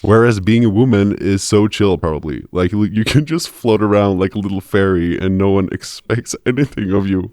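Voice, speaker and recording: A man's voice: on the low side, moderate pace, hardly any pauses, darkish tone, dry recording, studio quality, pitched below the performer's own voice, close to an everyday voice. A man reading out a post in the voice of a clueless, grumbling man, with a mock-earnest tone and small chuckles. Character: clueless grumbling cis man posting online.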